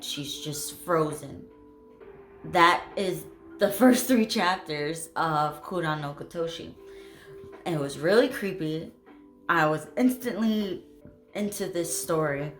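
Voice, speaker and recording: A woman hosting a channel, retelling a horror manga in a chatty, animated way with many asides. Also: deep voice. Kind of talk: casual storytelling recap. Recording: echoey room with faint music.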